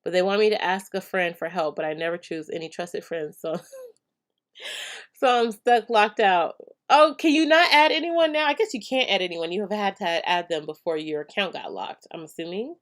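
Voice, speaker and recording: A woman's voice: on the low side, moderate pace. A woman hosting a casual live stream, reading viewer comments and answering hair care questions in a chatty way with many fillers and frequent laughs.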